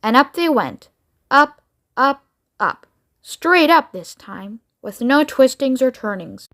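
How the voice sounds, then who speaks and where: A woman narrating a children's book as a read-aloud, in a steady, even reading voice. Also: sits high, takes it slowly. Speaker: reader.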